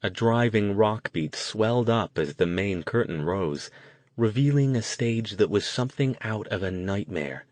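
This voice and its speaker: A man narrating an audiobook in a steady, measured way. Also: fairly low pitch, no echo. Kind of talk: scripted narration.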